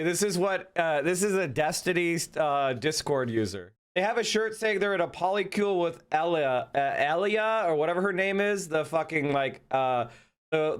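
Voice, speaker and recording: A man's voice: fairly high pitch, clear, resonant tone. A man giving casual political commentary, rambling with many fillers and hesitations.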